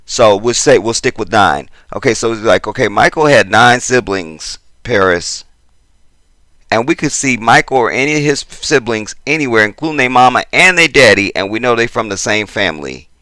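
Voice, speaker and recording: A man giving a casual commentary to his viewers, exasperated and chatty, jumping between loud emphasis and muttered asides. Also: medium pitch, expressive, moderate pace, no room sound. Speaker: YouTube commentator.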